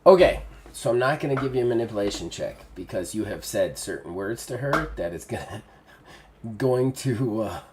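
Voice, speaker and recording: A man running a tabletop game as game master, narrating in an animated way with casual swearing. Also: on the low side, normal speed, noisy background.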